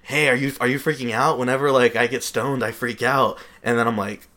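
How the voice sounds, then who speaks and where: A young man co-hosting a podcast, telling relaxed, casual stories and laughing often. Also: medium pitch, a little fast. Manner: laid-back, laughs often through his stories. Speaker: podcast co-host. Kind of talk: casual storytelling chat.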